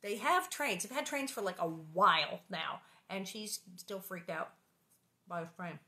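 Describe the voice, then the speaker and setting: A woman's voice: mid-range voice, lively intonation, measured pace, bright, forceful tone. A woman reading a children's book aloud and breaking off for playful, joking asides. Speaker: reader and host of the channel.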